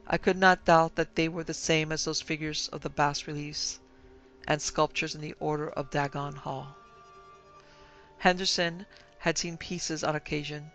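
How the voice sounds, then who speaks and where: A man giving measured, grave scripted narration of a horror story. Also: fairly high pitch, fairly even intonation, a bit bright, faint music behind, rough recording.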